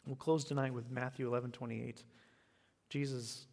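An American man giving an evening sermon and closing prayer, in an unhurried, earnest way that often repeats words. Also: medium pitch, flat delivery, vocal fry, a little mellow. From United States. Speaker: preacher. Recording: long reverb of a hall.

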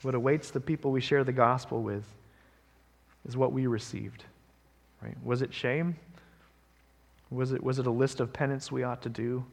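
Male pastor, casual preaching style with rhetorical asides, some vocal fry, echoing sanctuary. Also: mid-range voice, fairly even intonation, normal speed. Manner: conversational preaching, frequent "right?" asides. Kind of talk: sermon.

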